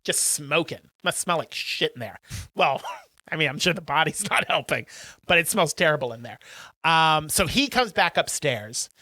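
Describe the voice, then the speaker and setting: A man co-hosting a casual podcast, excitedly recapping a movie and acting out the characters' lines. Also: a little high, moderate pace, dry recording. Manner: animated retelling, acting out film characters' lines. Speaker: podcast co-host. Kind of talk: casual chat.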